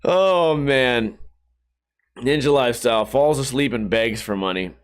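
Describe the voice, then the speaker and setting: A man's voice: medium pitch, unhurried. A man in his thirties talking casually to camera at home, rambling and joking with lots of swearing. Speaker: vlogger. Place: hot house.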